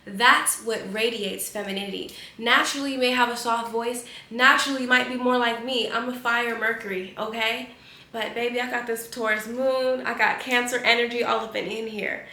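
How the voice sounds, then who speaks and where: Woman life coach preaching self-worth, bright voice, kinda echoey room. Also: fairly high pitch, steady tone, normal speed. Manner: emphatic, preachy, repetitive phrasing. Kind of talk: motivational vlog talk.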